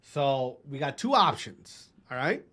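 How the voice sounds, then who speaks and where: This gaming streamer, a Wisconsin man in his thirties, has a mid-range, slightly bright voice with a sing-song lilt and a measured pace. He chats casually and swears freely with his audience, greeting people by name.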